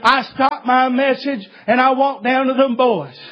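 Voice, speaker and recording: Male preacher, very high husky voice, folksy storyteller, dull lo-fi recording. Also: measured pace. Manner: folksy, repetitive, many "uh" fillers, rising to shouts. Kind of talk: sermon storytelling.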